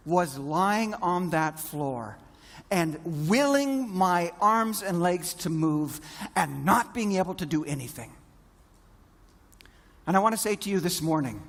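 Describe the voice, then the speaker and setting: A man giving a motivational keynote, telling a story dramatically with long pauses. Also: sits high, fairly bright tone. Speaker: keynote speaker. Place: stage before a large audience.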